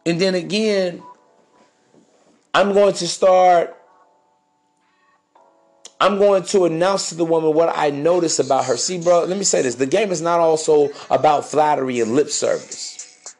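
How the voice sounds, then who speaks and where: A man's voice: a little high, measured pace, long pauses, darkish tone, soft background music. A man hosting a podcast, giving crude, swaggering dating advice in a preachy monologue. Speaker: podcast host.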